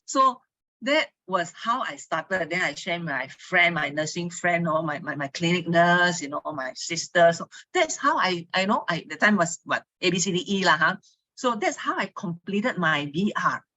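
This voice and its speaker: A woman's voice: fairly low pitch, very animated, moderate pace, bright, forceful tone, dry recording, rough recording. A woman with a Singaporean English accent telling her story to a team in a casual online talk, chatty and full of local particles. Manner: chatty storytelling, Singlish particles, frequent laughs; asks listeners for agreement. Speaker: speaker giving a testimony to a team.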